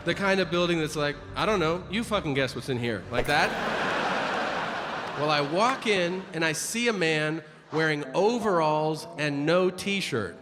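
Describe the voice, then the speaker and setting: A man's voice: a little high, big-room sound, noisy background. A man performing a stand-up comedy set, telling a story with profane, incredulous asides and acted-out quotes.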